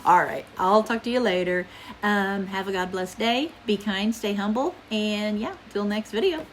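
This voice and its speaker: A chatty middle-aged woman, a home vlogger, talks through a casual haul video in a mid-range voice at a moderate pace. She rambles with fillers, sometimes dropping to a quiet voice, while faint room hiss sits in the background.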